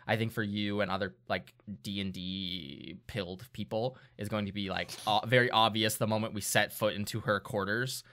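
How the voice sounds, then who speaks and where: A man's voice: on the low side, fairly even intonation, normal speed, hardly any pauses, pushed and bright. A man co-hosting a casual podcast chat as game master, rambling with lots of fillers, upbeat.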